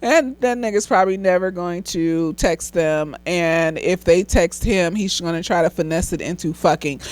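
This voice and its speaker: A woman's voice: on the low side, a little slow. A woman therapist giving a casual, blunt and profane film review, slightly tipsy and laughing often.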